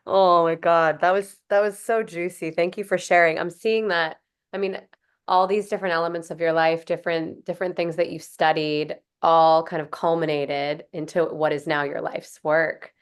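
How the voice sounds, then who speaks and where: A woman's voice: fairly low pitch, fairly even intonation, unhurried, clear, resonant tone. A woman hosting a podcast interview, talking in an earnest, gushing way with lots of "like" and "um". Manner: earnest, gushing, many fillers like "like" and "um". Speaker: podcast host. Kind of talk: casual conversational interview.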